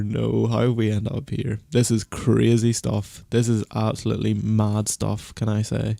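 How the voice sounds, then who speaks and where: A man on a casual live stream, panicking and berating himself in a fast-swinging, swearing ramble. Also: on the low side, completely flat delivery, gravelly, warm tone, no room sound. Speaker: fantasy football streamer.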